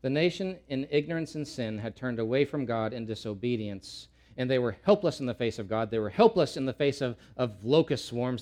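A man preaching a sermon in an earnest way, repeating key words for emphasis and rising loud when quoting pleas. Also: mid-range voice. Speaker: pastor.

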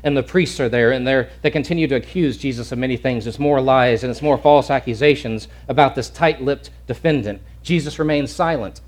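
A man's voice: mid-range voice, fairly quick, hardly any pauses. A male pastor preaching a sermon in an earnest, emphatic way, often restarting and repeating words.

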